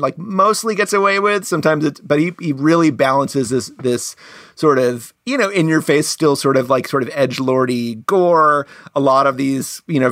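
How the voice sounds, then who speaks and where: A man's voice: medium pitch, fairly bright tone, no room sound, studio quality. A man talking casually about a film as a podcast co-host, full of fillers and restarts. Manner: chatty, many fillers and restarts.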